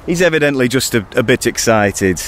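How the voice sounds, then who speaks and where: A man playing a calm police officer who describes the scene in a measured, deadpan way. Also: medium pitch, slight background noise, lightly acted.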